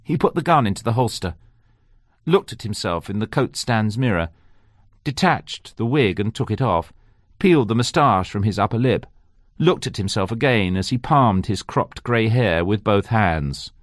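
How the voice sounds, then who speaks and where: A man narrating an audiobook in a measured, tense storytelling manner on a close studio mic. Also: on the low side, animated, dry recording. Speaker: audiobook reader.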